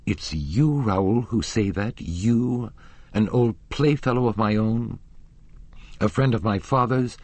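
A man's voice: rumbling low, animated, normal speed, mellow, breathy edge, no echo, exaggerated voice. A man reading aloud and voicing an earnest, intense young woman singer in a storybook. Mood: indignant. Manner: pleading, rising to indignant.

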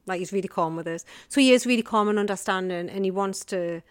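A woman's voice: medium pitch, quick pace, smooth. A middle-aged woman talks openly as a podcast guest. Her speech is casual and frank, and she laughs easily between thoughts. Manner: chatty and candid, laughs often, says "us" for "me". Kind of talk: casual conversation.

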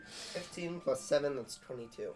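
Excitable man playing at a game table. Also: mid-range voice, over music. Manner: excitable, argumentative, quick to laugh. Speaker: player. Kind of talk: tabletop role-play table talk.

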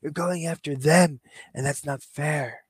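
A man's voice: fairly even intonation, unhurried, husky, no room sound, clean studio sound. A man voicing a defiant wrestling champion who earnestly confronts a rival in a raised voice. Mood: indignant. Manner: earnest, pleading, raised pitch.

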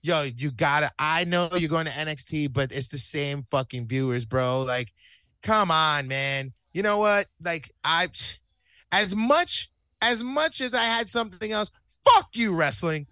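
A man's voice: a little high, lively intonation, unhurried, pushed and bright, no room sound, studio quality. A man co-hosting a casual wrestling chat, ranting heatedly with lots of swearing.

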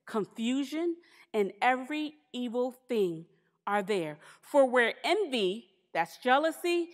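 A woman preaching a sermon in a church, lively and humorous, with emphatic asides. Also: fairly high pitch, takes it slowly, long reverb tail.

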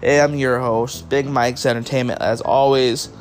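A man's voice: mid-range voice, steady tone, measured pace, soft background music. Tired, rambling male podcast host. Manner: casual, rambling, swears, addresses listeners as guys. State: tired, yawning. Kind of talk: solo wrestling review podcast.

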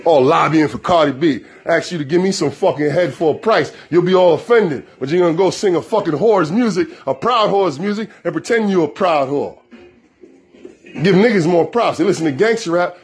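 A man's voice: high-pitched, expressive, brisk. A man hosting a show, delivering an aggressive, profane monologue in a confrontational manner. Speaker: show host.

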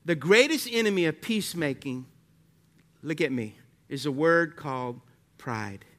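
A man preaching a sermon as pastor, animated and full of rhetorical questions that he tosses to the congregation. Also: on the high side, measured pace.

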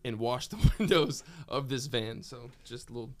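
A man's voice: mid-range voice, moderate pace. A young man chatting on a podcast in a studio, joking and laid-back. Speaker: podcast co-host. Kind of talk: casual podcast chat.

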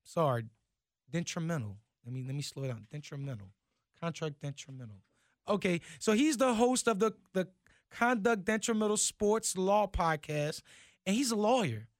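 A man's voice: high voice, animated, moderate pace, dry recording, clean studio sound. A man with a Cajun accent hosting a sports talk show, who talks in a casual, hyped way and stumbles over words.

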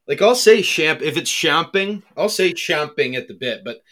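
An American man co-hosts a golf podcast, chatting in a casual, animated way and steering the show from one segment to the next. His voice is a little high, pushed and bright, and moves at a normal speed.

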